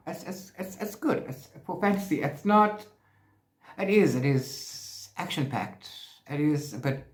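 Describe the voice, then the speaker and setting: A man vlogging about his reading, chatting casually and often correcting himself mid-sentence. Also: a little high. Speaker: book vlogger. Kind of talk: casual book review chat. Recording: roomy echo.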